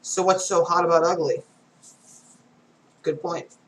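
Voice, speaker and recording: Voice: medium pitch, steady tone, unhurried, a bit bright, a little hiss or hum, rough recording. A reader going through comic strips aloud, reading every panel and sound effect, with casual asides.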